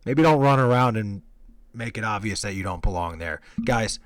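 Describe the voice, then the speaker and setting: A young man from New York casually telling a story, animated, profane and self-deprecating. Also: on the low side, normal speed, no echo, low-quality recording. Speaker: vlogger telling a personal story.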